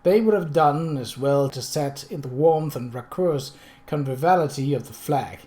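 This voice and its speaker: A man narrating an audiobook in a steady, measured way. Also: a little high. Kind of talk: audiobook reading.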